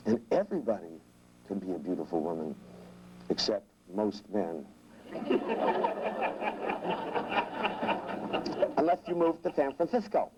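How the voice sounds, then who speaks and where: A man's voice: lowish voice, very animated, slow pace, pauses often, very noisy. A man teaching a live seminar, rambling and restarting sentences, with irreverent jokes and asides. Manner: acts out voices in quotes. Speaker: seminar trainer.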